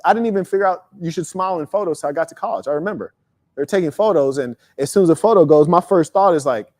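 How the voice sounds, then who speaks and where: A man hosting a live talk, telling profane, animated stories and acting out quotes. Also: on the high side, quick pace. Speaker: host and speaker.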